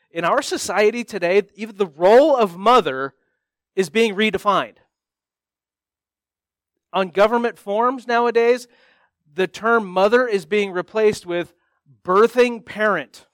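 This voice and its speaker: A man with a high, smooth, resonant voice delivers a sermon through self-deprecating personal stories, acting out the other people in them. The sound is dry and close, with no room echo. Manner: self-deprecating, animated storytelling with acted-out voices.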